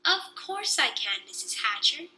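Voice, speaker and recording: A woman's voice: high-pitched, very animated, a little slow, pushed and bright, pitched above the performer's own voice, heavily acted, poor audio. A woman voicing a bossy little girl who is pushy and pleading. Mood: eager.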